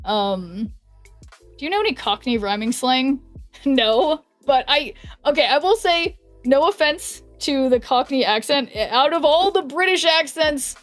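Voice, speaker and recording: A young woman with a higher voice chats casually on a live stream, rambling between fillers and restarts. Faint music plays underneath her talk. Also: animated, unhurried. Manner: chatty and rambling, many fillers and self-corrections. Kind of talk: casual chat while gaming, reading chat aloud.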